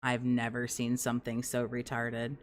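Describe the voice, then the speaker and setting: A woman's voice: rumbling low, completely flat delivery, moderate pace, slight background noise. A woman co-hosting a podcast, talking in crude casual commentary with constant fillers and frequent laughter. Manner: profane, giggly, lots of "like" fillers. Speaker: podcast co-host.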